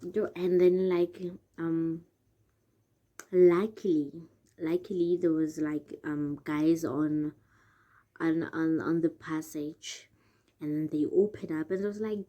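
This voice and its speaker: South African woman, casual vlogger, lowish warm voice, chatty with viewers. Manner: chatty, addresses viewers as guys. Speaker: YouTuber. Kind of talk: casual storytime vlog.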